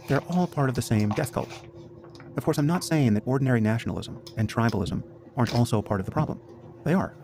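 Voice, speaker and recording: Fast, argumentative man in a noisy clip. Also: medium pitch. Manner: measured, argumentative. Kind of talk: recorded speech clip. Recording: noisy played-back clip.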